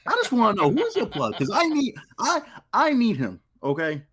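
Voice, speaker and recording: Lively young man in sports banter. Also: very high-pitched, a little fast, husky. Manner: animated, joking banter. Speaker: co-host. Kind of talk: casual sports talk.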